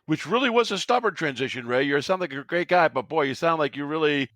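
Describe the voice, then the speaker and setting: A man's voice: a little high, animated, fast, fairly bright tone, no echo. A man hosting a podcast, summarizing his guest's story in a friendly way before asking a question. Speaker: podcast host. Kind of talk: interview questions.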